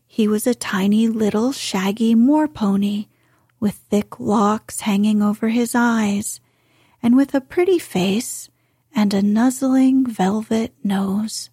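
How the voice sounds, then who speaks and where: Woman reading a story in a slow, husky near-whisper, dry close mic. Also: on the high side, no room sound. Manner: soft, half-whispered and unhurried. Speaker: audiobook narrator.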